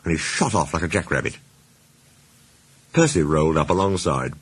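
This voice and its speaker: A man narrating a children's storybook with expressive, varied delivery. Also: very deep voice, moderate pace, husky. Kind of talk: storybook reading. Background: music.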